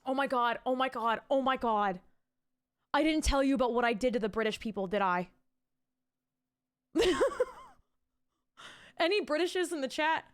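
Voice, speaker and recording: Young woman streamer, high voice, bubbly rambling chat. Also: normal speed, pauses often, clear, resonant tone. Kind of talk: casual live-stream chat.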